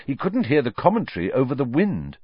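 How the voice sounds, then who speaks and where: A man narrating a novel as an audiobook in an expressive storytelling way. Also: mid-range voice, fairly quick, breathy edge, no echo, highs cut off. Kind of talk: scripted narration.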